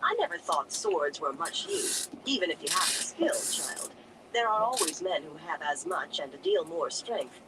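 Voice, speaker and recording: A reader voicing a commanding older woman leader who is brisk, wry and stern, in an audiobook reading. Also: medium pitch, sing-song, very noisy, lightly acted. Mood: lecturing. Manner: cheerful yet stern.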